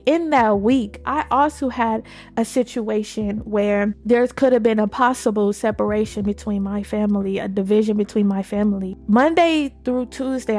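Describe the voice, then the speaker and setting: A woman co-hosting a podcast, telling a faith testimony in an emphatic, animated, casual way. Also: medium pitch. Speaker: podcast co-host.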